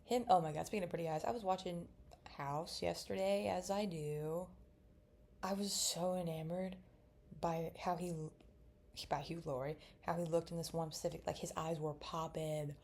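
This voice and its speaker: A woman's voice: on the low side, steady tone, normal speed, darkish tone. A young woman in casual chat while drawing, rambling and mumbling to herself as she works. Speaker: vlogger.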